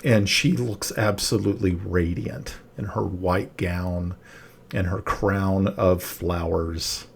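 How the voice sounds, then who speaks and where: A man narrating a tabletop game as game master, halting with many fillers and restarts. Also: sits low, steady tone, gravelly, a little hiss or hum.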